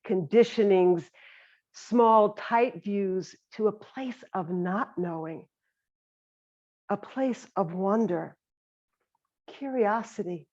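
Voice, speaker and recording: A woman meditation teacher speaks very slowly and gently, pausing between short phrases in a reflective talk. Her voice sits at a middle pitch. The recording is slightly dull and lo-fi.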